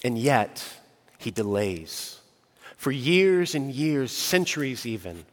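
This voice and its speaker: A man preaching a sermon earnestly, building emphasis and slowing on key phrases. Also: medium pitch, very animated, big-room sound. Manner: earnest preaching with rising emphasis and slow pauses. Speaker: pastor.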